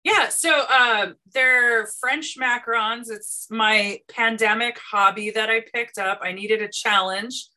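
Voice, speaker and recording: A woman's voice: on the high side, slow, few pauses, pushed and bright. A woman, a photographer chatting as an interview guest, bubbly and silly, laughing often. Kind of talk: casual interview chat.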